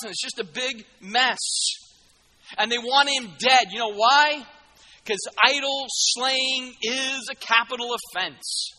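A man preaching with a high, very bright voice, lively and joking as he acts out the people in the story. His words ring out with a long hall reverb behind them. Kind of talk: sermon.

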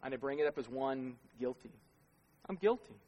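A male pastor delivers a conversational sermon in a medium-pitched, expressive voice at normal speed, asking rhetorical questions and sometimes laughing at himself. His tone is darkish with the highs cut off, and the long reverb of a large hall surrounds him.

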